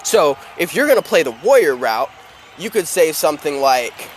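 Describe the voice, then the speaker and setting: A man narrating a tabletop game as game master, animated and rambling with many fillers. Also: a little high, normal speed, slight background noise, rough recording.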